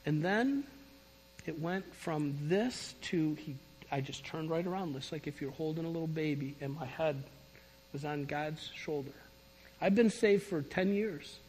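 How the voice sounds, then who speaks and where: A middle-aged man preaching a sermon, telling his story in an animated, emphatic way. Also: fairly high pitch, measured pace, a little hiss or hum. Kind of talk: sermon testimony. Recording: long reverb of a large hall.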